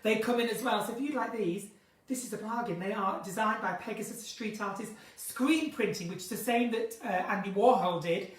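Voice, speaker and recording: A woman hosting a casual live chat from her kitchen at home, theatrical and chatty, swinging between bright exclamations and low asides. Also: normal speed. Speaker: live-stream host chatting with viewers. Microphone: phone or webcam in a live stream. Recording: roomy, distant from the mic.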